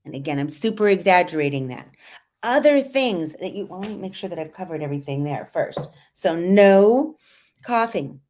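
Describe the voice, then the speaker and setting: Woman, middle-aged, voice coach, trained voice, low pitch, lively teaching. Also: moderate pace, slight background noise. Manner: lively, demonstrative, exaggerates vocal fry and sung phrases to teach. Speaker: voice and confidence coach. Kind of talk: live coaching tips.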